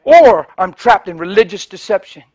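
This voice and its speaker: A male preacher telling a story in a sermon, swinging between loud preaching and hushed, near-whispered storytelling, and acting out the people he quotes. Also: high-pitched, lively intonation, normal speed. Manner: acts out the people in his stories in quoted voices.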